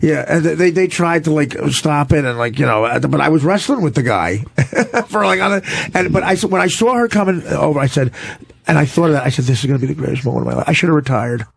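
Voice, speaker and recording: Gravelly, husky man telling laughing stories. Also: on the high side, fast, no echo. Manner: laughing at his own stories, animated. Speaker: comedian guest. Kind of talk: casual chat, storytelling. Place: radio studio.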